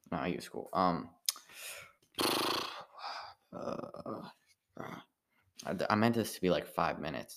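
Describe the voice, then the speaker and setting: A tired man, an amateur comedian, rambling in a halting casual monologue full of restarts. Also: low voice, vocal fry.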